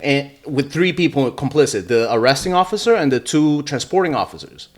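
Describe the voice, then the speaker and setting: A man's voice: mid-range voice, lively intonation, a little fast. A man telling his own story as a podcast guest in casual chat, rambling with lots of fillers and swearing. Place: podcast studio.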